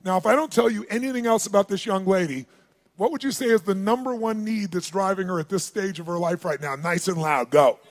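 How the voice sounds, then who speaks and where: A man's voice: high voice, brisk. A man telling a story at a motivational seminar, acting out the dialogue and calling on the live audience to answer. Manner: animated, acts out dialogue, calls on the audience. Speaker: motivational speaker.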